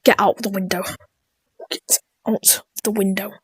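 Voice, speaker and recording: A woman giving chaotic, dark-humored let's-play commentary, muttering and often dropping into whispers. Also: medium pitch, little pitch movement, unhurried, slightly rough, dry recording. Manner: drops into whispers. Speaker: gaming YouTuber.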